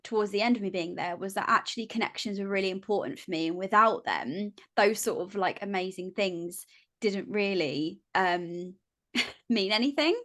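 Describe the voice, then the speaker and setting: A woman's voice: medium pitch, lively intonation, normal speed, a bit bright. A young woman hosting a casual interview, asking questions in a friendly, hesitant way. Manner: friendly, hesitant with fillers and restarts. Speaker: podcast host.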